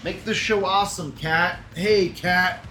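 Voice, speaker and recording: A man's voice: high-pitched, steady tone, measured pace, pushed and bright, slight background noise. A man hosting a show, reading forum threads aloud and commenting on them in a sarcastic, crude way. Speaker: host.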